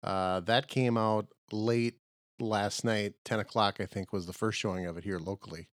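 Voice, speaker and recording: A man's voice: on the low side, steady tone, moderate pace, no room sound, studio quality. A man co-hosting a comedy podcast, talking in a rambling, jokey, easygoing way and drifting into playful tangents. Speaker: podcast co-host.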